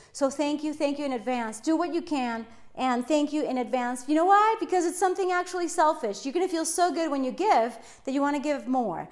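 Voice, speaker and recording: A woman's voice: high-pitched, darkish tone. A woman hosting her own podcast, talking alone in an upbeat, motivational and emphatic way. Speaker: podcast host. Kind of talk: solo podcast monologue.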